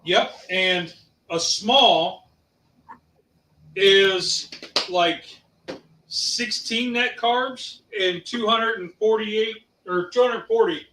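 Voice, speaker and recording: A man from Ohio co-hosting a casual cooking show, talking in a rambling, halting way with many fillers. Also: high-pitched, bright, forceful tone, slight background noise. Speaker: co-host. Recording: roomy sound, mic at a distance.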